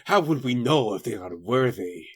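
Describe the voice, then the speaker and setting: Guy doing a low Spanish-accented robot sidekick, chirpy and self-mocking, animated. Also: moderate pace, husky, dry recording. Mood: questioning. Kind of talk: comedic fanfic reading.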